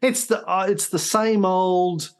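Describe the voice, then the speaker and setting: A man's voice: sits high, steady tone, slow, clear, resonant tone. A man co-hosting a history podcast, explaining events with restarts and dry jokes. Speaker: co-host. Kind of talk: casual history podcast chat.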